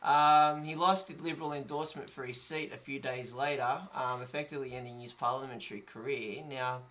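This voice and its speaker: Man, podcast host, hesitant, sarcastic, bright voice. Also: medium pitch, steady tone, a little fast. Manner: hesitant, lots of ums, dry sarcasm. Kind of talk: casual podcast chat.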